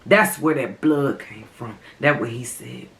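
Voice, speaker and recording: Her voice is a creaky bass, unhurried, as this young adult woman vlogs through a mukbang. She addresses her viewers directly with heated, impassioned, emotional commentary.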